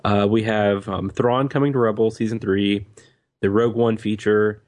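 A man co-hosts a podcast, speaking casually and somewhat haltingly with many fillers. His voice sits fairly low. The sound is dry and close. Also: steady tone, a little mellow, no echo. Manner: hesitant, halting. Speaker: podcast co-host. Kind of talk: casual chat.

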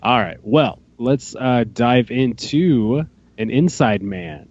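Excitable male podcast host. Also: medium pitch, takes it slowly. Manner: excitable, rambling with fillers. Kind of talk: casual podcast chat. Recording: dull lo-fi podcast mic.

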